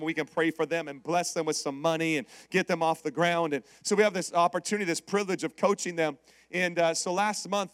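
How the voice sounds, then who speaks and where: High-voiced male preacher, dry close sound. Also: no room sound. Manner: animated storytelling with call-outs to the congregation. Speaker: pastor. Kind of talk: sermon.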